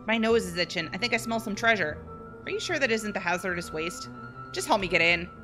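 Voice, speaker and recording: A woman's voice: medium pitch, brisk, over music, lightly acted. A woman voicing a cocky, teasing boy sidekick in a story game. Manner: boastful and teasing.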